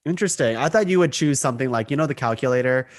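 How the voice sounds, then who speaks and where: A young man hosting a relaxed podcast conversation, with a lively voice that rises and falls a lot. He is chatty and laughs easily. He often breaks off and restarts his sentences as he thinks aloud. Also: medium pitch, rapid-fire, no echo, clean studio sound. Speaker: podcast host. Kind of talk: casual podcast chat.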